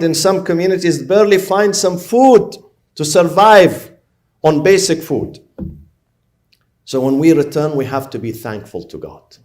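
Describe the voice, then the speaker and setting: A man's voice: mid-range voice, darkish tone. A man preaching a sermon as a religious lecturer, stressing his points by repeating and listing short phrases. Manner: emphatic, repeats and lists phrases.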